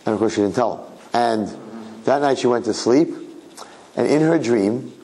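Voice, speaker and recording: A rabbi telling a religious story to listeners in a conversational way, asking rhetorical questions and repeating phrases. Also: male voice, medium pitch, moderate pace, mellow, slight background noise, poor audio. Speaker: rabbi giving a Torah talk.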